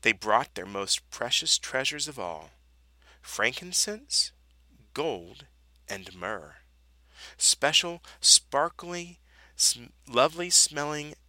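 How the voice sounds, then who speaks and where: A man reads a children's Bible story aloud, taking his time and letting his voice rise and fall widely for drama. His tone is very bright and sharp, and the recording is close and dry with no room sound. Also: medium pitch, takes it slowly, no echo, low-quality recording. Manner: expressive, dramatic storybook delivery. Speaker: storybook reader.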